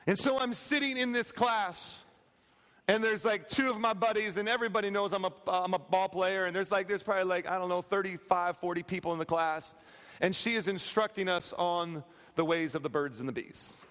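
A man preaching a sermon, telling a story with animated, acted-out quotes and humor. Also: high-pitched, brisk. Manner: animated, acts out quotes, plays for laughs. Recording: reverberant hall.

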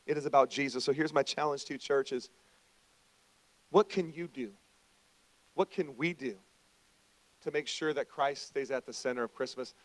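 A pastor preaching a conversational sermon, dropping into quiet reflection and rising into loud, emphatic preaching. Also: male voice, mid-range voice, moderate pace, long pauses, no room sound, low-quality recording.

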